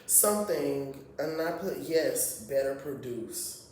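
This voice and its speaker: A man chats through a reality TV recap in a loose, profane way, laughing often. His voice sits a little high. It sounds far from the mic in a very echoey room. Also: expressive, slow, a little mellow, a little hiss or hum. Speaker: reality TV reviewer. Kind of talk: casual recap commentary.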